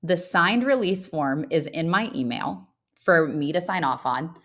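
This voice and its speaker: Casting: female podcast co-host, lowish voice, animated storyteller. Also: unhurried. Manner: animated storytelling, acts out quoted phone calls. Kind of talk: casual chat.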